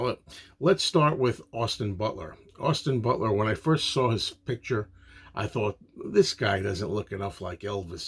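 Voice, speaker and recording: A man's voice: on the low side, husky. A man giving a casual, opinionated spoken movie review, rambling with frequent fillers.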